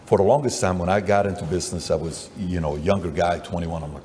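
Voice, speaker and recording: A man's voice: low voice, quick pace, a little mellow, big-room sound, a little hiss or hum. A man hosting an interview, telling stories in a chatty way and acting out the dialogue in them. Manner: chatty storytelling, acts out dialogue. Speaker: interviewer and host. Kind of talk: conversational interview.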